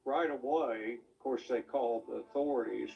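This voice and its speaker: A man's voice: mid-range voice, moderate pace, creaky, far from the mic, muffled recording, a little hiss or hum. A man, an author and attorney, gives a documentary interview and recounts details in a matter-of-fact way.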